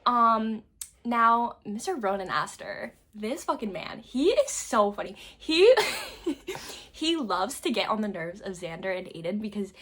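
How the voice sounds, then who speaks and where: A young woman chatting casually about books, gushing with frequent laughs and swearing, swinging between loud bursts and soft asides. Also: medium pitch, big pitch swings, a little slow. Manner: gushing, swears often, many likes. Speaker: book reviewer. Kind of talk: casual book chat.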